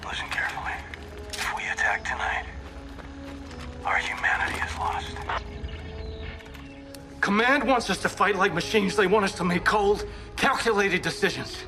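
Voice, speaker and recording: An actor playing a grim male resistance leader in a film, speaking in a low gravelly half-whisper. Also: moderate pace, pauses often, over music. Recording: film clip with score behind.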